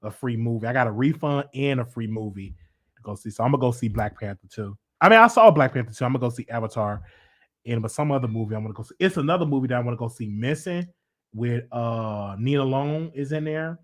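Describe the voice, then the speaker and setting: A man hosting a casual livestream chat, teasing his viewers in an animated, repetitive, slangy way. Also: mid-range voice, fast talker. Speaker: host.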